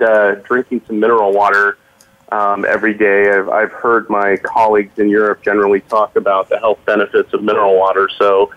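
A man chats casually as a radio guest. He speaks haltingly and fills his pauses with "um" and "uh". His voice is on the lower side, and the remote line sounds dull and lo-fi. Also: fairly bright tone. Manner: halting, with many ums and uhs. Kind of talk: casual chat on a radio call.

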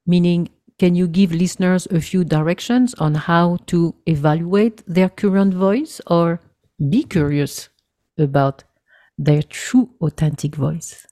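Female interview host, low and mellow, slow, encouraging and reflective. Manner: affirming, reflective. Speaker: podcast host. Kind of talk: interview hosting.

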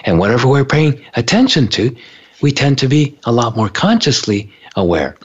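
A man with a slightly husky voice talks casually about awareness and sensitivity, and his pitch swings widely as he acts out the inner voices of the people he describes. The recording is dull and lo-fi. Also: very animated, moderate pace. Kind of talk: casual spiritual talk. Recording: dull lo-fi sound.

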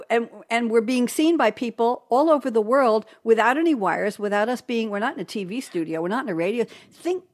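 A woman hosting an online talk show from her home desk over a video call, chatty and digressive, laughing often. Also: medium pitch. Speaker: host. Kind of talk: casual chat on a video call. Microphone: desk microphone on a video call.

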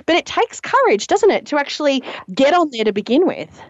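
Radio co-host lady, higher voice, dry close sound, chatty and encouraging. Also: big pitch swings, fairly quick, dry recording, muffled recording. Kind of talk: casual radio talk.

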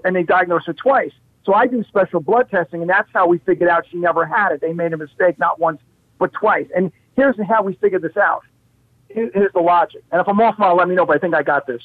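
A man's voice: sits high, dry recording. A man telling stories as a guest on a talk show, emphatic and full of rhetorical questions. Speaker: guest, health practitioner. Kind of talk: animated storytelling on a talk show. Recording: dry phone line.

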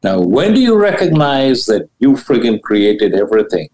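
A man, a spiritual teacher and guest, explaining ideas in an animated, emphatic way with blunt, casual wording and big swoops in pitch. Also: moderate pace, rough recording. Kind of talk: animated interview talk about spirituality.

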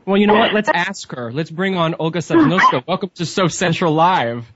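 A man's voice: sits high, expressive, moderate pace, heavy background noise. A male radio host leading a live interview, upbeat and presenter-like. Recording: dry, dull lo-fi radio.

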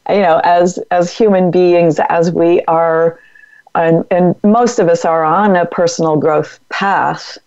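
A middle-aged woman speaking as a guest in an interview, giving advice in a calm, measured coaching way. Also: fairly low pitch, dull audio. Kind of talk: interview conversation.

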